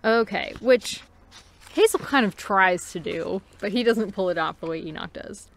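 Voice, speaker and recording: A woman talks through a novel in a relaxed book-review chat. Her voice sits at an ordinary middle pitch. She muses aloud with plenty of fillers and easy laughs. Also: measured pace. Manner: chatty and musing, with frequent fillers and laughs.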